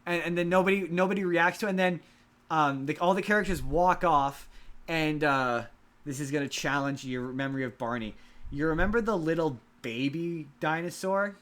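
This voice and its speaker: A man's voice: a little high, normal speed, a bit bright. A man hosting a casual podcast, animatedly retelling a story and acting out the characters' lines. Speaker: podcast host.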